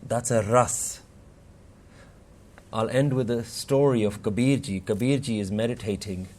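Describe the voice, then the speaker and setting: A man's voice: medium pitch, unhurried, a little mellow. A man giving an earnest spiritual workshop talk, telling stories and quoting scripture with rising and falling emphasis. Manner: earnest, rises and falls for emphasis, quotes scripture. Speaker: Sikh workshop speaker.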